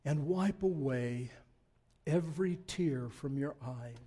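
A man in his sixties preaching a sermon, swinging between loud emphatic declarations and quiet, reflective asides. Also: on the high side, slow, husky. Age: 60s. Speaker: pastor.

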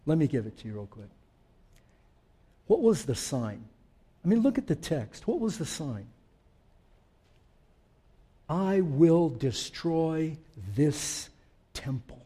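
A man with a high, light voice preaches in a church sanctuary. He talks with his congregation in joking asides, then moves between soft reflection and firm, emphatic statements. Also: big pitch swings, moderate pace, long pauses, breathy edge. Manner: swings from quiet reflection to emphatic declarations. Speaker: pastor. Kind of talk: sermon.

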